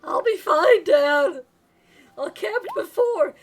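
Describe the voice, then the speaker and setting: A woman voicing a small, skinny, eager boy adventurer who talks high and pleading. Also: animated, slow pace, full character voice.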